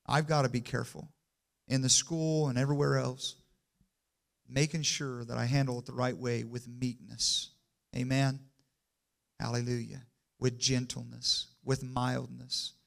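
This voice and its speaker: A man preaching a sermon in church, calling for amens and building from quiet to loud and emphatic. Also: mid-range voice, little pitch movement, measured pace, creaky. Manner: call-and-response, asks the congregation for amens.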